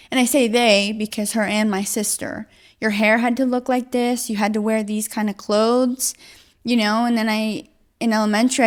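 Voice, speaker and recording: A young woman in her late teens, speaking at a medium pitch, shares a personal testimony as a guest. Her talk is halting and casual, packed with "like."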